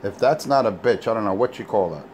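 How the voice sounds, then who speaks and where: A man's voice: fairly low pitch, lively intonation, fast, noisy background. A man hosting an online talk show, taunting and mocking someone in a profane way. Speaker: show host. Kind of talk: casual mocking chat.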